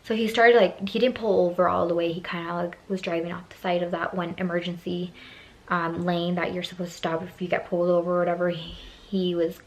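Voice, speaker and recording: A woman in her twenties telling a personal story on her vlog, animated, swearing freely and acting out both sides of the conversation. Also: lowish voice, brisk. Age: 20s. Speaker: beauty vlogger.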